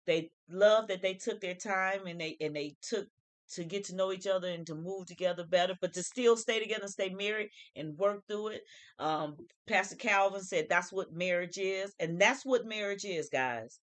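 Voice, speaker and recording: A woman's voice: medium pitch, moderate pace. A woman hosting a casual reality TV commentary vlog, emphatic and repetitive, speaking with slang. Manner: emphatic, repeats phrases, uses slang. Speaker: show host reviewing reality TV.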